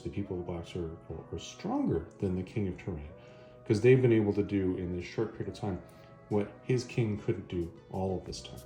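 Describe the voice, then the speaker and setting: Male comic reviewer, low and warm, casual retelling with quick character asides; roomy echo, faint music underneath. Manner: chatty, acts out quoted dialogue in passing. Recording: echoey room, faint background music.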